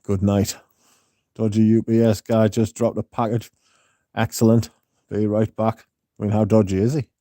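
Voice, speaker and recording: A man's voice: on the low side, little pitch movement, normal speed, warm tone, no echo, studio quality. A man hosting a casual livestream, rambling, swearing freely and reading out chat, with a slightly sore throat. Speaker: livestream host.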